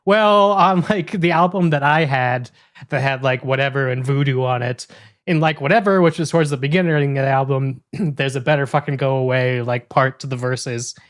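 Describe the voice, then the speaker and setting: A man's voice: medium pitch, moderate pace. A man co-hosting a podcast, talking enthusiastically in casual chat with frequent fillers. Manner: enthusiastic, talkative, with many fillers. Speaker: podcast co-host.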